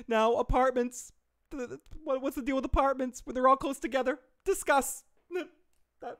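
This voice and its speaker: A man's voice: extremely high pitch, steady tone, normal speed, fairly bright tone, no room sound, clean studio sound. A man hosting a casual TV episode review, joking and profane, with frequent asides. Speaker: show host.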